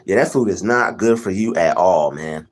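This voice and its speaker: A young man hosting a casual livestream, rambling and giving shout-outs to chatters by name. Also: sits low, lively intonation, normal speed, soft background music. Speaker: livestream host.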